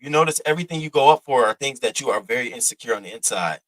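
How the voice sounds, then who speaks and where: A man's voice: mid-range voice, animated, very fast, few pauses, fairly bright tone, poor audio. A man giving blunt, profane, mocking reaction commentary, lecturing his viewer in AAVE. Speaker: commentary host.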